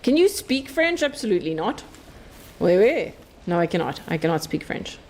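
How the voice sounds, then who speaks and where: On her game stream, a playful woman keeps up a casual chat full of laughter and cursing. She speaks at a normal speed in a lowish, sing-song voice with a darkish tone, and faint hiss or hum is audible.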